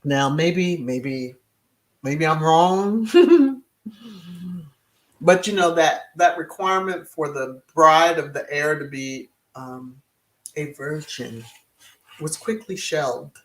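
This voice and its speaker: Slow, sassy woman commentator. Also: low voice, expressive. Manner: sassy, chuckling, lots of hums and mm-hmms. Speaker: host of a royal commentary channel. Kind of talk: casual live-stream commentary reading chat.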